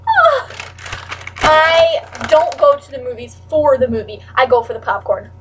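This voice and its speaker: High-voiced teen girl vlogging. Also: expressive, normal speed, recorded from a distance, background noise. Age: teens. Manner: chatty, rambling, with frequent "like" and sudden loud outbursts. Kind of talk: casual chat to camera.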